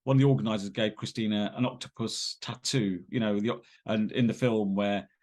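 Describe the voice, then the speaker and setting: A man, a guest on an interview podcast, telling rambling, animated anecdotes with many fillers and restarts. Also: lowish voice, a little fast.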